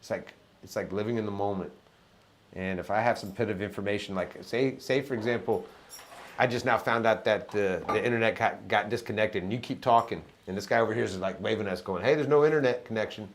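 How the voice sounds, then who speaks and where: A middle-aged musician in casual conversation, talking reflectively and telling animated stories. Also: male voice, on the low side, brisk, a little hiss or hum. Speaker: musician guest.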